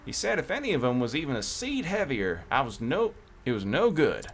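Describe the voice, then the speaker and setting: Cowboy merchant with a put-on country drawl, folksy storyteller, read by a man, mid pitch. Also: huge pitch swings, a little fast, a little hiss or hum.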